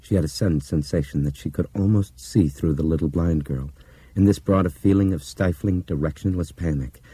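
A man reading a novel aloud in steady, measured narration that drops to a hush at times. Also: sits low, breathy edge, no echo. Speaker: audiobook narrator. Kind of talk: scripted narration.

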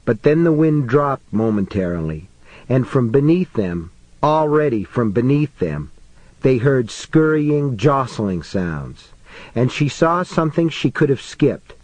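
A man narrating a suspenseful audiobook in a measured, tense storytelling manner. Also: medium pitch, big pitch swings, a little mellow, no echo, rough recording.

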